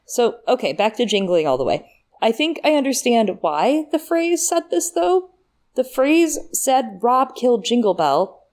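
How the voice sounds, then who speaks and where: A woman's voice: medium pitch, darkish tone. A woman in casual podcast chat, thinking aloud as she walks through details. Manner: thinks aloud, breaks down details with fillers and laughs. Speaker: podcast co-host.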